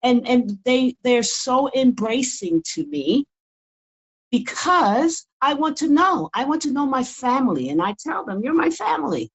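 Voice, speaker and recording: An older American woman, appearing as a guest author in a casual interview, speaks in a high, expressive voice at an unhurried pace. She talks earnestly, often repeating words as she builds her point. The recording quality is low.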